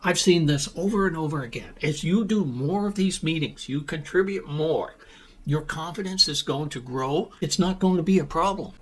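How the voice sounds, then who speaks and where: A middle-aged man coaching business English, speaking in a clear, deliberate, emphatic way with pauses. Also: on the high side. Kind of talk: teaching monologue to camera.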